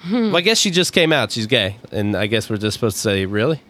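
A man's voice: lowish voice, sing-song, fast, bright, forceful tone. A man co-hosting a casual chat, joking and swearing in mock outrage. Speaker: podcast co-host.

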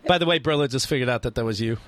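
A man's voice: medium pitch, very fast. A man hosting a podcast in casual chat, joking crudely and talking animatedly. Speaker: podcast host.

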